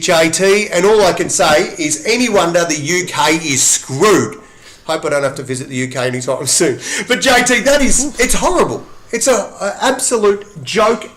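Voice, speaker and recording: A man's voice: sits high, a bit bright. A man co-hosting a podcast, ranting bluntly with plenty of swearing in casual chat. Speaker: podcast co-host.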